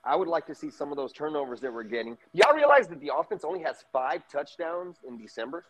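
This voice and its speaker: A man's voice: fairly high pitch, very animated, quick pace, poor audio. A man chatting casually about football on a podcast panel, crude and joking. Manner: crude joking, laughs a lot. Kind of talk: casual sports chat.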